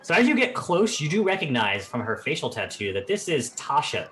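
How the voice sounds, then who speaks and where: A man running a tabletop game as game master, narrating in an animated, rambling way with lots of fillers. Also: a little high, fairly quick, a little hiss or hum.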